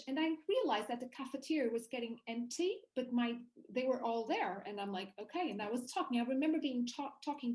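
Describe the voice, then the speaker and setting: Woman guest on an interview, kinda high voice, gets animated telling her story, lots of restarts. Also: low-quality recording. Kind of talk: casual interview conversation.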